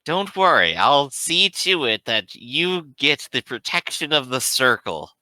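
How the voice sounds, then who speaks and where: A man's voice: medium pitch, very animated, unhurried, bright, forceful tone, dry recording, heavily acted. A man voicing a cheerfully reassuring male adventurer who talks in a patronizing, soothing way.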